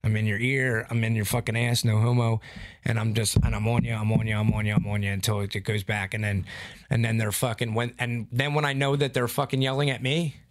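A man co-hosting a casual chat, telling stories in a loose, profane, animated way. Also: fairly low pitch, brisk, no room sound, clean studio sound. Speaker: podcast co-host.

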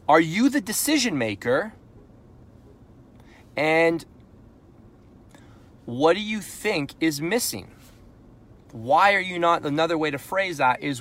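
A man's voice: fairly high pitch, a bit bright. A man from Canada giving a live sales coaching talk, blunt and punchy, firing rhetorical questions and pushing into frustrated intensity. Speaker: sales coach and podcast host.

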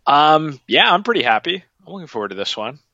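A man with a bright, forceful voice trading wry takes in a relaxed sports chat. He restarts his sentences often before making his point. His voice is recorded dry, through a muffled, lo-fi mic. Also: fairly high pitch, a little fast, no echo. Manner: wry, hesitant starts, laughs while joking. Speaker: boxing podcast co-host. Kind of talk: casual conversational commentary.

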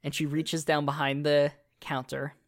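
A man's voice: on the high side, completely flat delivery, normal speed, no echo, studio quality. A man narrating a tabletop game as game master, casual and full of fillers. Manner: casual, many fillers and restarts.

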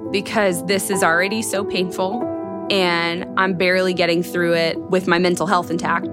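A woman's voice: lowish voice, level tone, moderate pace. A young adult woman telling her own story in an earnest, emotional, candid way, as a podcast guest. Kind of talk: personal storytelling. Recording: music bed behind the voice.

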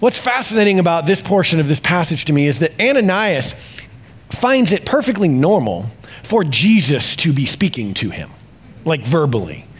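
A male pastor delivers a sermon with open, confessional candor. His voice sits a little high for a man, and he swings from quiet reflection to animated exclamation. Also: normal speed, slightly rough.

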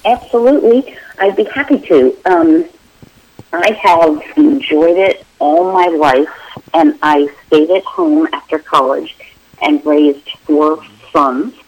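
A woman's voice: low-pitched, slow pace, darkish tone, poor audio. Friendly middle-aged woman, lots of ums. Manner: friendly, informal, many "um"s. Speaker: interior designer and business owner, guest. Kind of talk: remote interview, explaining her work.

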